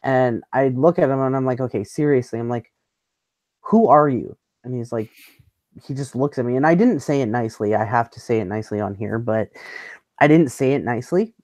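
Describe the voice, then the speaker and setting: A woman's voice: extremely low pitch, brisk, mellow, no room sound. A woman hosting a casual chat, telling a story bluntly with lots of swearing and laughter. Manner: blunt, profane, laughs often mid-story. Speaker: host.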